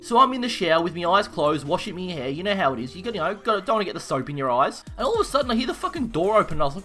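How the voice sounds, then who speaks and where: Young aussie dude ranting a crude story, fast and bright, pitch jumps all over, bit of music behind. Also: male voice. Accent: Australian. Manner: rowdy, profane, animated storytelling. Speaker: YouTuber. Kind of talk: casual storytelling while gaming.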